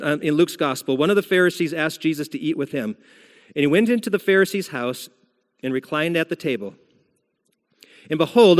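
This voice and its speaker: Male senior pastor, somewhat high voice, casual storytelling sermon, long church-hall reverb. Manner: conversational preaching, retelling scripture as a story. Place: church sanctuary.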